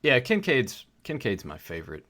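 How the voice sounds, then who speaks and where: A man co-hosting a podcast, chatting casually about a movie in a hesitant, halting way. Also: mid-range voice, wildly swooping pitch, sharp tone. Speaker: podcast co-host.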